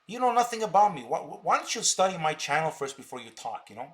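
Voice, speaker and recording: A man's voice: a little high, big pitch swings, fast. A man hosting a live stream, combatively ranting at viewers and tripping over repeated words as he talks. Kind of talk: unscripted live stream talk.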